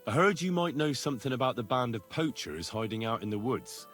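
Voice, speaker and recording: Man playing a young hero, direct and earnest, lively pitch, faint music behind. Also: a little fast, close to an everyday voice.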